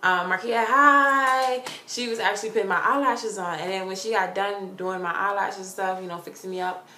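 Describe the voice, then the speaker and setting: A young woman vlogging from her corner at home, telling a story in a gushing, excitable way with lots of "like". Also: mid-range voice, quick pace. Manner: excitable, gushing, heavy use of "like". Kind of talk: casual storytelling vlog. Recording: roomy sound with faint hiss.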